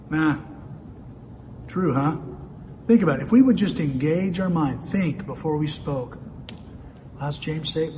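A man's voice: fairly high pitch, moderate pace, warm tone. A man preaching a sermon in a folksy way, often asking himself questions aloud. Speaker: pastor. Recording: long reverb of a hall, faint ambient noise.

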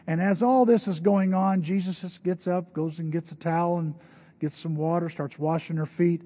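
An older male pastor preaches in a chatty, storytelling manner, his voice pitched high yet warm and slightly husky. The recording is dull and lo-fi, with a long reverb trailing through a large church hall. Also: steady tone, normal speed. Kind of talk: sermon.

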